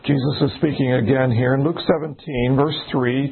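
A man's voice: mid-range voice, fairly even intonation, normal speed, creaky, slightly rough, phone-quality sound. A man leading an informal Bible study, talking conversationally, restarting sentences and acting out little exchanges. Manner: conversational, restarts often, acts out little dialogues. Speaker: pastor.

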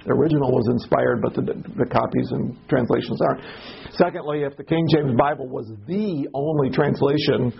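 A man leading a Bible study class in a casual teaching style, halting and repeating words and posing questions to the group. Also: mid-range voice, creaky, husky, dull audio.

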